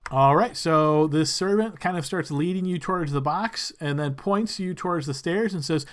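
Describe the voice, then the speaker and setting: A man's voice: fairly high pitch, moderate pace. Casual male game master narrating. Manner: casual, filler-heavy narration.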